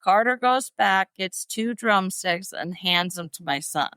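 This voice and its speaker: A middle-aged woman, a podcast guest, telling stories in an animated, expressive way. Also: medium pitch, measured pace, clear, resonant tone, no room sound. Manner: animated, expressive, often laughing. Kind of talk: emotional storytelling.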